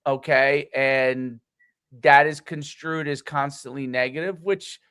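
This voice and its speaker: A man co-hosting a podcast, speaking haltingly and searching for words with many restarts. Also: medium pitch, steady tone, bright, forceful tone, clean tone, no echo. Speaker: podcast co-host. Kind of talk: casual podcast conversation.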